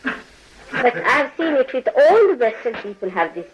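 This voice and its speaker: A woman's voice: fairly high pitch, big pitch swings, moderate pace, noisy background. A woman spiritual teacher lecturing her followers, chiding them, laughing often and mimicking people as she talks. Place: indoor ashram gathering.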